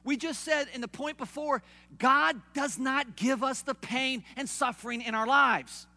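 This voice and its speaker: A man preaching a sermon in a conversational way, swinging from loud emphatic peaks to soft low asides, in a church. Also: measured pace. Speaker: pastor. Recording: long hall reverb.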